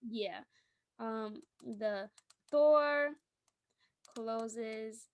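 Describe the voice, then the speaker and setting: A young woman co-hosting a podcast, telling lively stories in casual chat and acting out the people she quotes. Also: fairly high pitch, drawn-out words, no echo. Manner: animated storytelling, acting out quotes with laughs. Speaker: podcast co-host.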